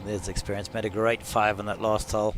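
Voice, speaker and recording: A man's voice: fairly low pitch, level tone, a little fast, a little hiss or hum. A man giving laid-back analysis as co-commentator on a live golf broadcast.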